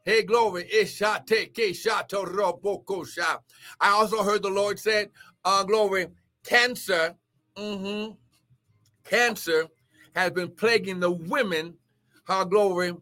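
Man, pastor, charismatic sermon, high voice, bright tone, fervent shouting, speaking in tongues. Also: fairly even intonation, slow, long pauses. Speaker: pastor and prophet. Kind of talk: charismatic live-stream sermon. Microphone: live-stream microphone.

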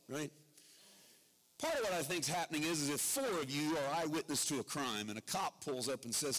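Man preaching in a reverberant church. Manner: wide swings between loud emphatic and low quiet delivery. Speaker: pastor. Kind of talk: sermon. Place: church sanctuary. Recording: long reverb of a large hall.

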